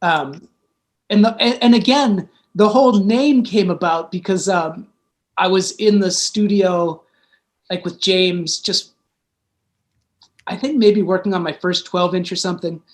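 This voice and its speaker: A man's voice: high-pitched, unhurried. Rambling man telling stories. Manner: rambling, full of "like" fillers. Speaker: guest musician and DJ. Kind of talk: casual storytelling chat.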